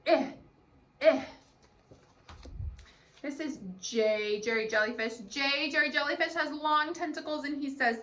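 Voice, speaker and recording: A woman's voice: high-pitched, pushed and bright. A woman teacher leading a cheerful, sing-song phonics lesson for young children, demonstrating letter sounds.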